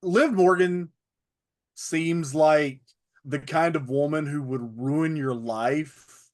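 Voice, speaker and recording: A man's voice: fairly high pitch, takes it slowly. A man co-hosting a podcast in casual chat, rambling and joking with frequent restarts. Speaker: podcast co-host.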